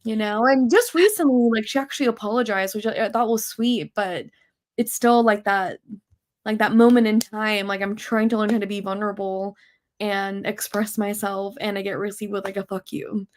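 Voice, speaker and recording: A woman hosting a talk show, telling a personal story in a candid, animated way, full of fillers. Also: medium pitch, normal speed, slight background noise. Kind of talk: casual personal conversation.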